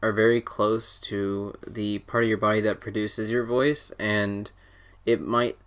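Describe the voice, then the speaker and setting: A man's voice: lowish voice, flat delivery, measured pace, fairly bright tone, clean tone. A teenage boy hosting a casual podcast chat, rambling and joking with lots of fillers and restarts. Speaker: podcast host.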